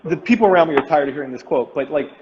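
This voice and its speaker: A man hosting a casual live-stream chat, talking in loose, rambling runs full of fillers and restarts. His voice sits a little high, and it comes through a dull, lo-fi video call with a long reverb tail and faint hiss. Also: racing. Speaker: host.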